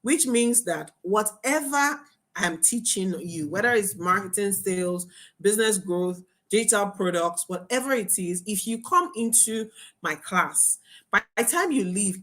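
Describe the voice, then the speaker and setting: A young adult woman teaching a marketing webinar as a coach, talking in an animated, emphatic way. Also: medium pitch. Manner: animated, emphatic, laughs and acts out students' voices.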